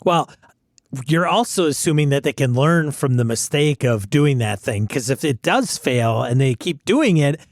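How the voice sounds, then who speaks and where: A man co-hosting a podcast, chatting casually and quickly, pushing back on his co-host's points. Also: medium pitch, expressive, dry recording, studio quality. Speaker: podcast co-host. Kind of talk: casual chat.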